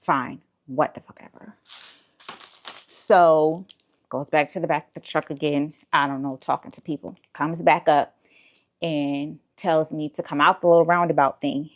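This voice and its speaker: A woman's voice: low-pitched, unhurried. Exasperated woman telling a story. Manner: animated, exasperated retelling with profanity. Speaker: vlogger. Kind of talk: casual storytelling.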